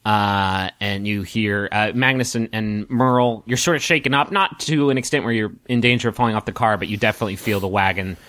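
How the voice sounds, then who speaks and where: A man's voice: lowish voice, brisk, few pauses, fairly bright tone, dry recording. A man narrating as game master of a tabletop game, hesitant, with many fillers.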